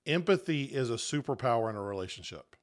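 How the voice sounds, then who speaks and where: A man's voice: medium pitch, expressive, quick pace. A man on a podcast earnestly explaining an idea in a reflective, conversational way. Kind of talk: casual podcast discussion.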